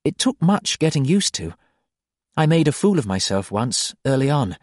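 A man voicing a soft-spoken tender woman. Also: mid-range voice, very animated, normal speed, no room sound, studio quality, pitched above the performer's own voice. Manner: soft, quiet. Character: gentle adult woman, tender and anxious. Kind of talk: audiobook character voice.

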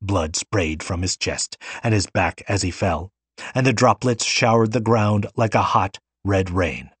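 A man narrates an audiobook in a steady, measured reading. His voice is low and husky, recorded close in a dry room. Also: no room sound.

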